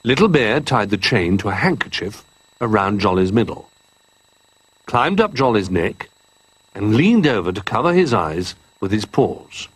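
A man reading a children's picture-book story aloud in an expressive, animated way. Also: on the low side, measured pace, husky, no room sound.

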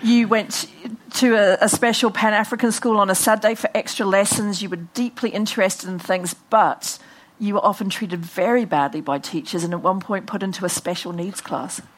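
Woman interviewer, measured and friendly, mid-pitched voice. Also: fairly even intonation, rough recording. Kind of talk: festival interview.

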